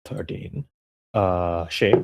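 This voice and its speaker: A man's voice: sits low, very slow, noisy background. A young man narrating as game master in a tabletop game, casual and full of fillers, often laughing.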